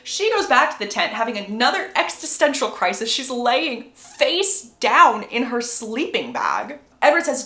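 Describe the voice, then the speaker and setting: Woman, casual story recap, chatty, gossipy asides, fairly high voice, roomy echo. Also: big pitch swings, unhurried, few pauses, pushed and bright. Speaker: book recap creator.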